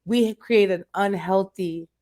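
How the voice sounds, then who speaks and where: A woman's voice: mid-range voice, takes it slowly, darkish tone. A woman guest in a candid interview, talking earnestly and emotionally and repeating phrases for emphasis.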